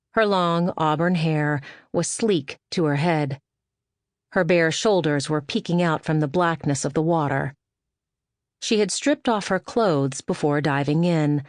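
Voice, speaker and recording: A woman narrating an audiobook in a measured, expressive reading style, recorded in a studio. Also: sits low, dry recording.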